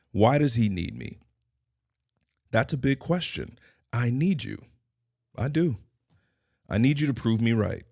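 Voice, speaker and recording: A man's voice: mid-range voice, gravelly, darkish tone, no echo, clean studio sound. A middle-aged man hosting his own podcast, delivering a scripted motivational monologue in emphatic, repeated declarations. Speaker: podcast host and consultant.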